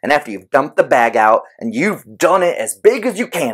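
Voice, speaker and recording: A man giving an informal explanatory talk on behavior training, conversational and animated, using everyday examples. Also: mid-range voice, a little fast, hardly any pauses, breathy edge. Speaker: behavior analysis educator.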